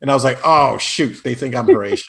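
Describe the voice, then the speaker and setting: A man with a husky, breathy edge to his voice, guesting on a podcast and spinning casual stories from his career. He jumps into quick voices for the people in his anecdotes. His pitch sits mid-range for a man. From Illinois. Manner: animated anecdotes with put-on quoted voices. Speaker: podcast guest, improv actor and comedian. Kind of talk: casual storytelling interview.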